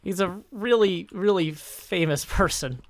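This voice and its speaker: Male streamer, high-pitched, chatty, self-mocking, reads chat aloud. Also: measured pace, dry recording. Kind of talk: live game-stream chat.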